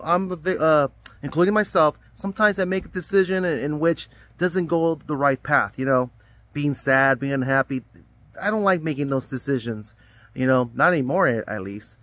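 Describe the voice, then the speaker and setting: Cheerful camp-counselor vlogger, man, a touch high in pitch, dry close sound. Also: a bit bright, no room sound. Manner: upbeat, rambling, self-deprecating. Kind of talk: casual vlog talk to camera. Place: outdoors at a summer camp.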